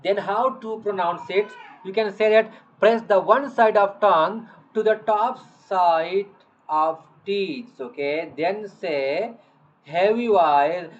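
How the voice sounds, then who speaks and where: A teacher walks a young learner through letter sounds, repeating each one again and again. The delivery is very slow and patient, full of gentle check-ins. The recording sounds dull and lo-fi. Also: mid-range voice. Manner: patient, repeats letters many times, says "okay, beta". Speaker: Quran reading teacher. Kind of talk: slow letter-by-letter lesson to a child. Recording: dull lo-fi audio.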